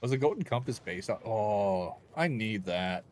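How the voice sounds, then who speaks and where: A man's voice: on the low side, expressive, moderate pace, soft background music. A young man streaming a game, rambling and joking with chat in a loose, crude way. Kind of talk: casual gaming stream chat.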